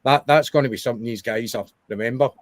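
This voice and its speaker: A man's voice: medium pitch, fast talker, no room sound. A young Scottish man co-hosting a podcast, chatting casually and rambling about football. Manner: chatty, rambling with restarts and wee asides. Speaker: podcast co-host.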